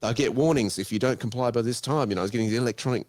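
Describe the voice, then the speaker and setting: A man's voice: medium pitch, very fast, a little mellow, no echo. A man on a casual panel chat, telling stories expressively and laughing through his complaints.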